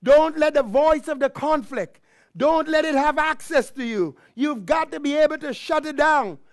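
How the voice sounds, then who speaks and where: A man's voice: very high voice, moderate pace, dry recording, studio quality. A man preaching a sermon as pastor, asking the congregation questions and calling out praise. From Canada. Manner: preaching with call-and-response questions and exclamations.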